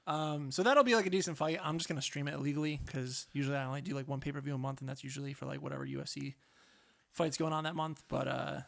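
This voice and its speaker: Young male co-host, quick and gravelly, rambling casual delivery. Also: mid-range voice, steady tone. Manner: rambling, lots of fillers, swears. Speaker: podcast co-host. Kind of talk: casual chat.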